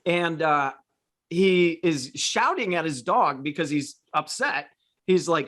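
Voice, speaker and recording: Guy rambling thru a dog training story, kinda high voice, lots of uh and restarts. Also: unhurried, fairly bright tone. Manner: rambling with many restarts and fillers. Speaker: podcast host and dog trainer. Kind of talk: casual storytelling chat.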